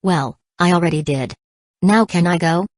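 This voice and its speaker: Sneering treacherous soldier, cold, low voice, read by a woman. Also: moderate pace, dry recording, studio quality, close to an everyday voice.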